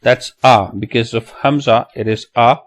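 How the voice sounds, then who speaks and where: A man's voice: medium pitch, steady tone, normal speed. A man teaching a beginner Quran lesson, patiently spelling out letters and vowel signs and repeating each sound. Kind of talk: slow step-by-step lesson.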